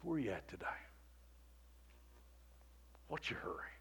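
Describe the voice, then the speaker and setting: A male pastor preaching a sermon in a repetitive cadence, rising to shouts and dropping to near-whispers. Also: on the low side, very animated, unhurried, gravelly, a little hiss or hum.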